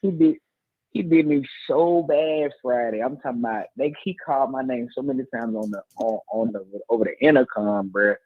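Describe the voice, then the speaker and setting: A man in his thirties chats loosely with a co-host, slipping into playful voices whenever he quotes someone. The sound is dry and a bit dull, with no room around it. He keeps a steady middle pitch. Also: normal speed, dry recording. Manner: animated storytelling, slangy, acts out quotes. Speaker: podcast co-host, teacher. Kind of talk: casual chat.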